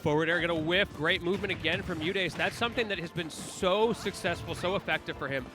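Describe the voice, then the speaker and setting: A high-voiced man does color commentary on a live fighting game match. He breaks down player habits in detail and drops playful quips. Game music runs clearly behind him. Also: fast.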